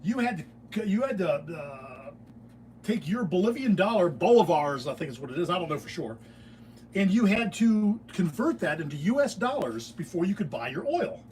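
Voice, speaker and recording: Middle-aged American man, higher voice, rambling opinionated shop-talk host, heard from a distance. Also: very animated, moderate pace, a little mellow. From United States. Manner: opinionated, digressive, self-interrupting with restarts. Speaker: beekeeping channel host. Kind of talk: casual rambling monologue. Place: workshop. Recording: distant mic with faint room noise.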